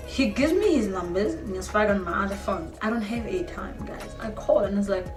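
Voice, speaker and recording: A young South African woman telling a story on her vlog, animated and exclaiming, often laughing as she talks. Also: mid-range voice, a little fast, few pauses. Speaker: vlogger. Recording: roomy echo, distant mic, faint music.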